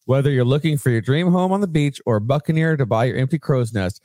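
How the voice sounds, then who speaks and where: A man in a casual podcast chat, reading sponsor plugs with offhand asides and the odd swear. His voice sits at an ordinary male pitch, and the room sound is dry and close. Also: quick pace, dark tone, no echo. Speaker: podcast co-host.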